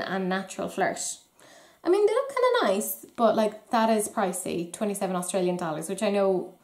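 A woman's voice: mid-range voice, roomy sound. An Irish woman chatting casually through new makeup releases, with wry, self-deprecating asides. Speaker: beauty vlogger.

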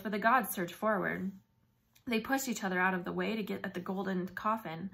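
A woman's voice: mid-range voice, moderate pace, vocal fry, a bit bright. Woman narrating a first-person story. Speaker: audiobook narrator.

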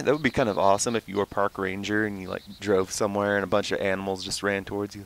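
A young man giving casual gameplay commentary, goofy and swearing, who often jumps into high excited yelling. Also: fast, vocal fry, hardly any pauses, dry recording, rough recording. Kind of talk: casual let's-play commentary.

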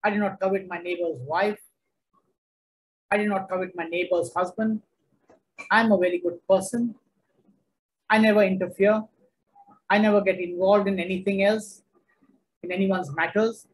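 A man's voice: high voice, steady tone, normal speed, pauses often, low-quality recording. A man preaching a sermon, emphatic and repetitive, driving each point home.

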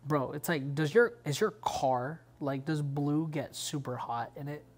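A man's voice: on the high side, unhurried. A young man co-hosting a podcast, telling stories in loose slangy casual chat. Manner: laid-back slangy storytelling, says "bro" and "dude" a lot. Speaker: podcast co-host.

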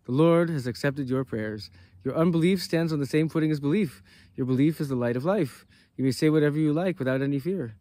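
A man voicing a stern male prophet who scolds with forceful, indignant lines. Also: a little high, a little fast, no echo, natural voice. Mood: reassuring.

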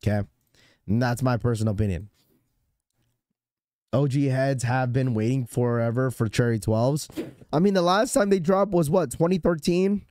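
Hoarse man chatting on a sneaker stream. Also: medium pitch, fairly even intonation, moderate pace, pauses often, dark tone, no echo, clean studio sound. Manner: talks to chat in a casual, rambling way with restarts. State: hoarse from a sore throat. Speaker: sneaker livestream host. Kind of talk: casual live-stream chat.

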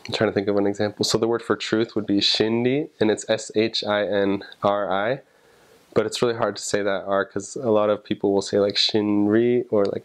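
A young man talks through language tips in a relaxed, thinking-aloud way. His voice sits low and stays fairly flat and even. He pauses for fillers and builds up examples one piece at a time. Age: young adult. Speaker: returned missionary explaining Japanese. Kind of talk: casual explanation to camera.

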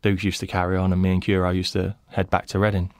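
A man, a former footballer, telling animated anecdotes on a podcast and acting out the people he quotes. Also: low voice, fast, dry recording. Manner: animated storyteller, acts out quotes, laughs mid-story. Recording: dry close mic in small studio.

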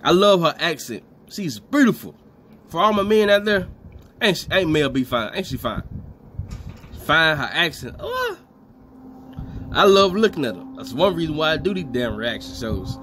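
A man hosting a reaction video, commenting in a loud, teasing, animated way. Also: a little high, normal speed, a little hiss or hum.

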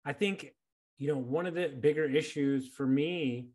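A man's voice: on the high side, a little slow, a little mellow. A man hosting a podcast, talking bluntly and casually, repeating words when worked up and swearing freely. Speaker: podcast host.

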